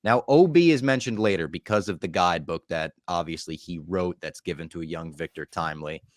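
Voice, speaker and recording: A man's voice: low voice, brisk, no room sound, clean studio sound. A man hosting a podcast, recapping a show in casual chat and telling jokey stories. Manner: animated, jokey storyteller. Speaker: podcast host.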